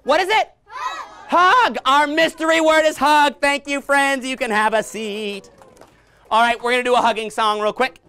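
A woman in her thirties teaching young children letter sounds in a library, playful and animated, making silly sounds and growls for them to copy. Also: sits high, normal speed, a little hiss or hum. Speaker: children's entertainer. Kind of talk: interactive children's phonics lesson. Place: public library room with children. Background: faint ukulele.

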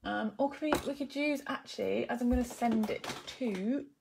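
A woman's voice: fairly high pitch, moderate pace, gravelly. Woman, live craft tutorial, chatty, frequent ums, audible background noise. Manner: chatty, thinking aloud with many ums, greets viewers. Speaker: papercraft demonstrator.

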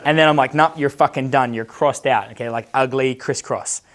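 A man's voice: mid-range voice, normal speed. A man in his thirties with an Australian accent, a dating coach telling a long casual story, swearing constantly and acting out the voices of the people in it. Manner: profane, animated, acts out quoted voices.

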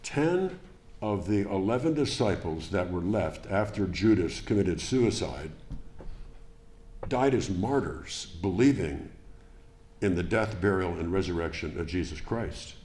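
Pastor, male, low voice, emphatic preaching, roomy sanctuary sound. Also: animated, a little mellow, a little hiss or hum. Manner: deliberate, emphatic preaching with rhetorical questions. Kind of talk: sermon. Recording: echoey church room.

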